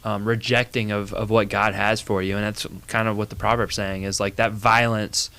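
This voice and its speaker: A man co-hosting a casual church podcast, talking excitedly and often restarting his sentences. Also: on the low side, normal speed, gravelly, clear, resonant tone. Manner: excitable, jumps in with frequent restarts. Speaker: podcast co-host.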